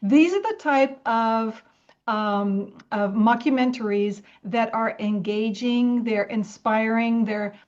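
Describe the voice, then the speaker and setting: A woman hosting a film podcast, enthusiastic and quick to laugh as she interviews her guest. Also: fairly high pitch, darkish tone. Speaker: podcast host. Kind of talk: casual interview chat. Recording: muffled lo-fi audio.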